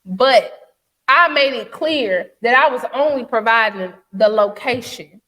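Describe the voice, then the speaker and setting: A woman's voice: fairly high pitch, measured pace, in a large hall. A young woman, co-hosting a podcast in casual chat, blunt and profane as she rants. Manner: blunt, profane, animated ranting. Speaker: podcast co-host.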